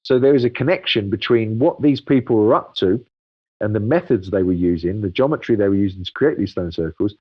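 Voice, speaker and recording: A man with a lowish voice walks through his explanation steadily, filling pauses with ums. The sound is dry and slightly dull, like a lo-fi remote interview recording. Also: animated, slightly rough, no room sound. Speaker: guest expert. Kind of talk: casual interview.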